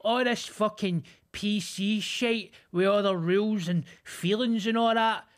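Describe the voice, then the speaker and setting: Guy doing a grumpy old scottish bloke ranting, loud and high. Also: unhurried. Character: grumbling old man in the sauna.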